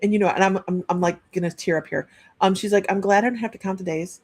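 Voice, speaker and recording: A woman's voice: medium pitch, steady tone, fast. A woman working as a psychic medium, giving a chatty live-streamed reading and relaying messages with frequent restarts.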